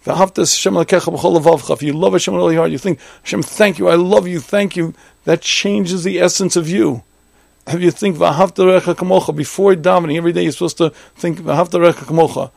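A man's voice: a little high, vocal fry, darkish tone, dry recording. A man giving a Torah lecture as a rabbi, emphatic, repeating phrases and acting out imagined objections.

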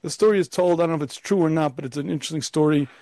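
A man's voice: fairly high pitch, rapid-fire, darkish tone, no room sound. A man giving an emphatic Torah lecture as a rabbi, firing off rhetorical questions and now and then putting on a pompous, arrogant voice.

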